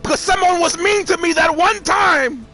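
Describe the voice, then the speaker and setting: A man's voice: very high-pitched, moderate pace, sharp tone, faint music behind, voice pushed up, full character voice. A man mockingly voicing his whiny, self-pitying demon uncle with a melodramatic wail.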